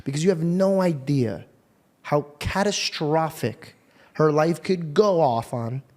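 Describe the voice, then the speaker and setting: A man's voice: a little high, expressive, takes it slowly, a little mellow. A man hosting a conversation, telling a personal story in a casual, earnest way, with frequent swearing. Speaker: podcast host.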